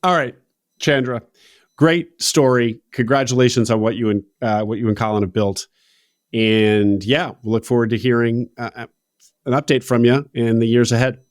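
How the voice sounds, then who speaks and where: A man's voice: medium pitch, fairly even intonation, moderate pace, dry recording, studio quality. A man hosting a business interview podcast, asking long rambling questions in an upbeat way. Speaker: podcast host.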